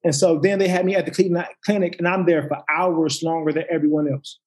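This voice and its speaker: A man's voice: fairly high pitch, fast. A man, a former football player, telling stories in casual chat, acting out quotes and restarting his sentences often. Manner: animated, acts out quotes, lots of restarts and swearing. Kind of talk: casual storytelling.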